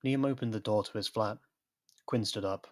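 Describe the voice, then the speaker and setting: Low-voiced male storyteller. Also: normal speed. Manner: steady storytelling delivery. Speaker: narrator. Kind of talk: scripted narration.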